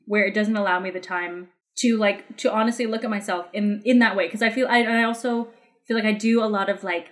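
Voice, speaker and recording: Fast-talking young woman, rambling chat. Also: mid-range voice, fairly even intonation. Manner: rambling with many fillers and restarts. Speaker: podcast guest. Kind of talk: casual chat.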